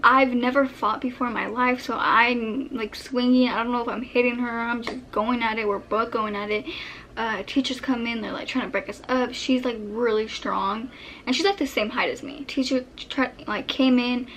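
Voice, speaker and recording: A young woman in a casual storytime vlog, retelling events with animated acting-out of her own past lines. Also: on the high side, a little hiss or hum. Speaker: vlogger.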